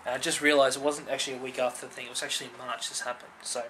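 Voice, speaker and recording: Earnest bright-voiced young man telling his story. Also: mid-range voice, level tone, very fast, a little hiss or hum, rough recording. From Filipino family background. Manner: earnest, conversational, many fillers and tag questions. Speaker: vlogger. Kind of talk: personal testimony to camera.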